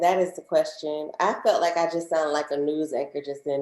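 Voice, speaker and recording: Southern woman co-host, lowish voice, animated and laughing, roomy echo. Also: brisk, hardly any pauses. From Georgia, US. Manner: chatty, laughs often, animated storytelling. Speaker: podcast co-host. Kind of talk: casual chat.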